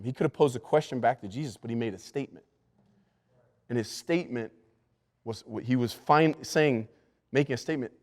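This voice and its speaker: A man's voice: medium pitch, a little fast. A male pastor giving a leadership lesson to church staff. He talks emphatically, repeats key words and often restarts his sentences. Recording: long hall reverb.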